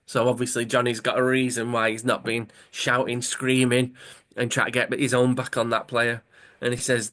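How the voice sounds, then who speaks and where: A man's voice: medium pitch, monotone, moderate pace, a bit bright. A man co-hosting a podcast, casually retelling a comic story with rambling self-corrections. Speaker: podcast co-host.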